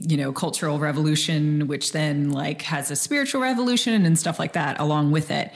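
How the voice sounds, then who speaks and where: Deep-voiced woman podcast host. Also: normal speed. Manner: chatty, many fillers like "like" and "um". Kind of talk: casual chat.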